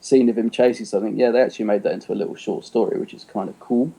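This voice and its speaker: A man's voice: on the low side, steady tone, rapid-fire, vocal fry, dark tone, slightly rough. A man co-hosting a podcast in casual chat, rambling a little and laughing often. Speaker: podcast co-host.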